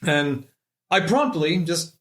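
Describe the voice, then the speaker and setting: A man playing in a tabletop game, talking in a halting way with lots of filler words. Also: on the high side, lively intonation, a bit bright. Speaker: player. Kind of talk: casual tabletop game play.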